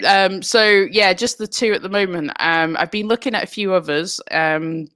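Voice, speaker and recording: A comedian talking in a casual video-call interview, giggly and hesitant, with many ums. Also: female voice, mid-range voice, normal speed, fairly bright tone, no echo, clean studio sound. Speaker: comedian guest.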